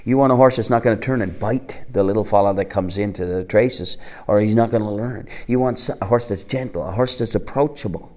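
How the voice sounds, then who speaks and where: A man's voice: on the low side, brisk, few pauses, darkish tone. A man preaching a sermon, earnest and asking the congregation rhetorical questions.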